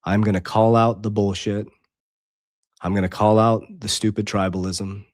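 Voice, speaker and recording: This livestream host has a lowish, level voice and speaks at normal speed, with clean studio sound and no room noise. Running a casual stream, he reads out Bible verses and viewers' chat comments in an intense, preachy way, his volume rising and falling.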